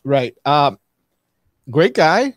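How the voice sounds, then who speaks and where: A man's voice: fairly high pitch, very animated, very slow, no room sound. A man co-hosting a casual podcast, reviewing a film in a rambling way with many fillers and restarts.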